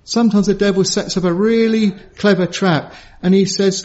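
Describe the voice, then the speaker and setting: A man's voice: sits high, fairly even intonation, measured pace, darkish tone, slight background noise. A man preaching an evening sermon to a congregation in an earnest way, often repeating a word while he finds the next. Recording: dull lo-fi sermon recording.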